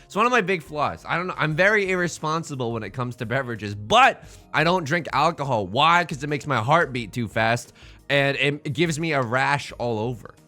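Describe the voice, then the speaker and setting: A man's voice: mid-range voice, animated, moderate pace, sharp tone, soft background music. A man hosting a let's play, giving casual gameplay commentary full of joking, rambling asides.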